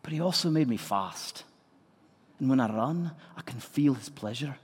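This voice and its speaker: A man quoting a devout male runner, speaking softly and with reverence within his sermon. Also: mid-range voice, animated, moderate pace, husky. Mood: reverent. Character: earnest devout male runner, quietly joyful. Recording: long reverb of a large hall.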